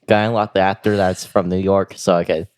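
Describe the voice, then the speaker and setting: A man's voice: deep voice, little pitch movement, a little fast, darkish tone. A man co-hosting a podcast, joking crudely and swearing freely in casual banter. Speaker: podcast co-host.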